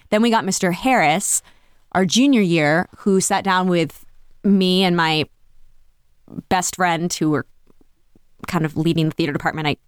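A lively woman, a business coach appearing as a podcast guest, tells stories conversationally on a dry recording. She's animated, raises her pitch when quoting others, and corrects herself with frequent restarts.

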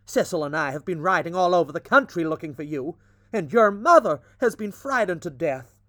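Man doing a stern victorian father, loud scolding voice, dry close sound, storybook reading. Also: on the high side, lively intonation, fairly quick, no room sound. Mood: angry. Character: angry worried Victorian father, middle-aged man.

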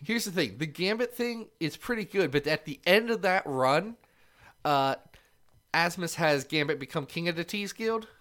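Lively, playful man co-hosting a podcast. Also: fairly high pitch. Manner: playful, theatrical, quick to laugh. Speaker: podcast co-host. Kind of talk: casual chat.

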